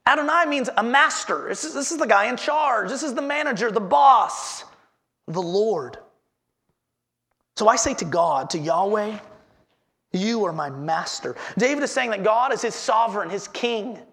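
A man's voice: high voice, expressive, normal speed, gravelly, fairly bright tone. A man preaching a sermon as pastor, earnestly repeating his headings and asking the congregation questions.

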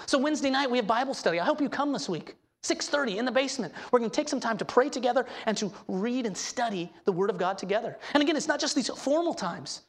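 A woman with a voice pitched a bit above the usual preaches a sermon from the pulpit. She speaks earnestly and with emphasis, and her voice sinks low and soft on the words she wants to land. She keeps asking the congregation questions. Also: animated, quick pace, few pauses. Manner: asks the congregation rhetorical questions. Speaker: pastor.

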